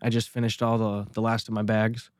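A man's voice: fairly low pitch, monotone, a little fast, no room sound, studio quality. A man co-hosting a casual podcast, telling rambling stories full of restarts and swearing. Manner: rambling, profane, storytelling with many restarts. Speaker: podcast co-host.

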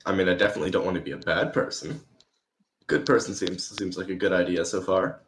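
A man's voice: low voice, expressive, fast, a bit bright. A man playing a tabletop game, hesitant and stammering, asking lots of questions. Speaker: player.

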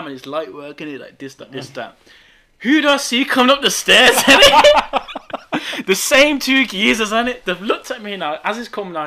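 A young man with a Birmingham accent telling a story in animated, slangy casual chat, often laughing. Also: a little high. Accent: Birmingham English. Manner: animated, laughing, street slang, frequent tag questions. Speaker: guest storyteller.

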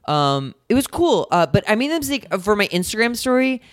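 Man, casual co-host chat, smooth clear voice, dry close sound, animated dramatic storytelling. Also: high-pitched, fairly quick, no echo.

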